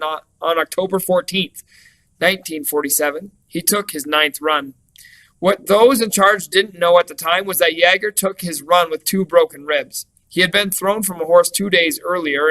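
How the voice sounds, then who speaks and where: A man reading a lesson text aloud in a clear, steady way, with the odd small self-correction. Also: a little high, rough recording. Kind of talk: read-aloud lesson narration.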